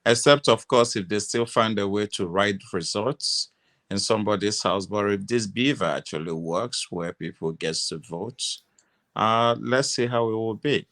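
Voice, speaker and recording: A man's voice: on the low side, moderate pace, a bit bright. A man giving his view on an online panel, hesitant with restarts and fillers.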